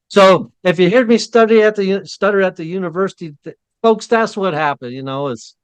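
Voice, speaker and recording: A man hosts a casual interview, his voice sitting a bit high for a man. He rambles and trips over his words, laughing at himself. The sound is close and dry, with no room around it. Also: fairly quick, clear, resonant tone, dry recording. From Ohio, USA. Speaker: host.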